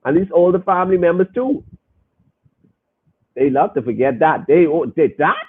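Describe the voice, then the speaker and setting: A man's voice: on the high side, animated, moderate pace, breathy edge. A man hosting a podcast in casual talk to his listeners, speaking emphatically and repeating phrases as he makes his point. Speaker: podcast host. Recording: tinny phone-line sound.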